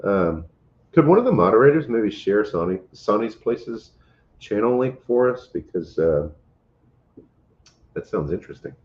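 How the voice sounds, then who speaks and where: A man's voice: fairly low pitch, sing-song, measured pace, pauses often. A man with a Southwest Louisiana accent co-hosting a casual livestream, chatting and reading out viewer comments. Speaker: livestream co-host. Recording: roomy, dull home livestream audio.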